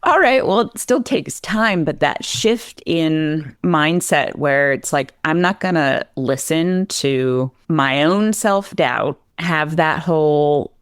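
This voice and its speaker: A low-pitched woman tells her story in casual conversation, animated and full of "like" and "you know", jumping into other people's voices as she quotes them. The sound is dry and close, with no room echo. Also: slow pace, few pauses, clean tone. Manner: animated, acts out quoted voices, many fillers. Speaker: podcast guest, horse trainer.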